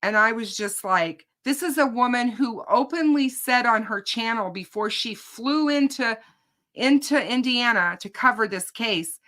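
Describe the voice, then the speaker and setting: Woman, true crime host, indignant chatty vlog, bright clear tone. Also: fairly high pitch. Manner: indignant, emphatic storytelling. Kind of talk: casual chat to viewers.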